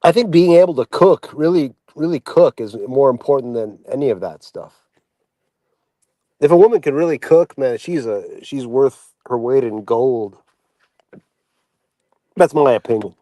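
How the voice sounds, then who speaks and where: A man's voice: mid-range voice, a little slow, pauses often, dark tone, no echo. A man chatting as a guest on a livestream, rambling and opinionated, with many fillers. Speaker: regular guest. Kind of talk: casual livestream chat.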